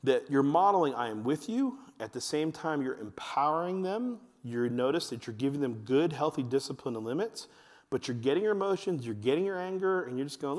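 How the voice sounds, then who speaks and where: A man giving a talk to fathers at church, telling family stories and acting out his kids in a high voice. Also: brisk. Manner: animated storytelling, acts out his kids in a high voice. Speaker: men's ministry speaker. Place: church hall. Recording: long hall reverb.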